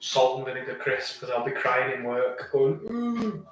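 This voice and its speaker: A man's voice: medium pitch, monotone, normal speed, fairly bright tone, recorded from a distance. A rambling, chatty man talks through viewers' comments on a live stream. His voice bounces around a very echoey room and sits a little away from the microphone. Faint music plays underneath. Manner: rambling, chatty, with many restarts and fillers. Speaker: vlogger answering live chat. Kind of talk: casual live chat.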